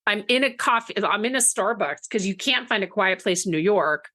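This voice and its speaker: A woman talks in a casual podcast chat with a bright, crisp tone. She tells her story in a chatty, animated way. Small laughs keep slipping in between her phrases. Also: medium pitch, moderate pace. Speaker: book marketing guest.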